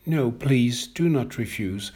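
A man's voice: mid-range voice, animated, takes it slowly, darkish tone, slight background noise. A man reading a story aloud, voicing an agitated young man who pleads with earnest, repetitive gushing. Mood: agitated pleading. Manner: agitated, pleading, repeats himself.

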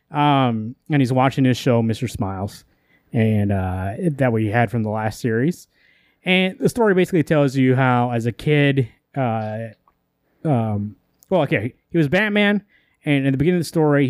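A man co-hosts a podcast, retelling a comic story in loose, casual chat that rambles along, with quick asides quoting the characters and offhand swearing. His voice is medium in pitch and a little mellow, recorded at studio quality with no echo.

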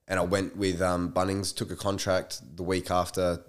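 Low-voiced Australian guy telling stories. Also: moderate pace, hardly any pauses, smooth. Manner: animated storyteller, swears freely. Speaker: podcast guest. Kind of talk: casual chat.

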